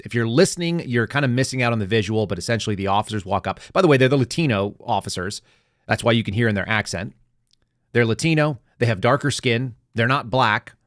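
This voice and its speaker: A man's voice: lowish voice, a bit bright, dry recording, studio quality. A man hosting a commentary podcast, giving blunt, instructive advice. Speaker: podcast host. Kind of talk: political commentary.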